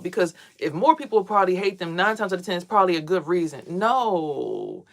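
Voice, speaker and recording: A woman's voice: fairly low pitch, a little fast, few pauses. Blunt, profane woman ranting to camera. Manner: animated, swings louder when worked up. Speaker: spiritual vlogger and reader. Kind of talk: casual monologue to camera.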